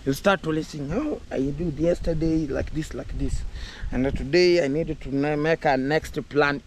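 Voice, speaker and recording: A man with a Kenyan accent vlogging outdoors in a village, talking excitedly and rambling, mixing English and Swahili and laughing often. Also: on the high side, normal speed, slight background noise. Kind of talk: casual vlog talk to camera.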